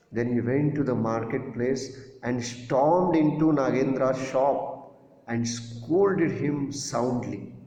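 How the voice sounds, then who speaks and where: Teacher guy explaining a story, slow, lots of room echo. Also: mid-range voice, mellow. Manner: explains words, asks questions. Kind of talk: classroom lesson explaining a story. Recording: echoey room with long reverb.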